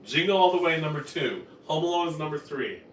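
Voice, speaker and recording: A man's voice: a little high, lively intonation, a little fast, a bit bright, roomy sound, recorded from a distance, slight background noise, poor audio. A man from Newfoundland hosting a casual live cooking stream, talking in a rambling, chatty way and correcting himself as he goes. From Newfoundland, Canada. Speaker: cooking show host. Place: home kitchen.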